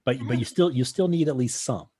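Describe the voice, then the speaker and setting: A man hosting a casual virtual wine tasting over a video call, relaxed and rambling, with many fillers and restarts. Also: medium pitch, brisk.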